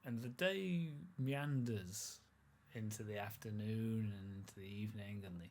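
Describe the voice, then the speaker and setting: A man narrating a tabletop role-playing game as game master, relaxed and rambling, with lots of fillers and restarts. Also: on the low side, a little slow.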